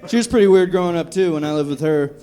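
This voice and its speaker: A man with a notably high voice works a comedy club stage from a handheld mic, firing off profane, dark, self-mocking jokes. He grew up in Texas. A faint crowd laughs along behind him. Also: quick pace. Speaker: stand-up comedian. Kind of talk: live stand-up set. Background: audience laughter.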